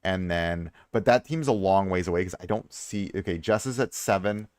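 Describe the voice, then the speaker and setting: A young adult man with a lowish voice rambles casually through a live stream, giving game advice. He repeats points for emphasis. The sound is dry and close, with no room around it. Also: moderate pace, clear, resonant tone, dry recording. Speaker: streamer reviewing viewers' game accounts.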